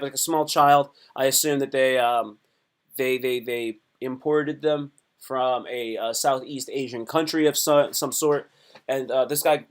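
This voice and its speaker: Rambling, jokey man live streaming. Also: fairly high pitch. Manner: rambling, self-interrupting, playful joking.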